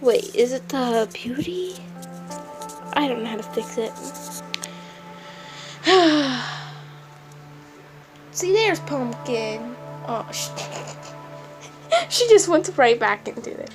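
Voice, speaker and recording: A woman's voice: sits high, animated, slow, pauses often, music in the background, low-quality recording. A young woman vlogging casually at home with her cat, rambling and giggly, swearing now and then. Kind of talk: casual chat to camera.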